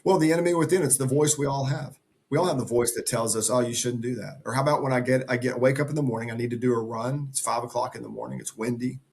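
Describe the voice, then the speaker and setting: A middle-aged man with a gravelly, fry-touched voice, speaking as a podcast guest. He talks earnestly and with motivational emphasis, pressing his points home. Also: mid-range voice, steady tone, fast, darkish tone. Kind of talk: conversational interview.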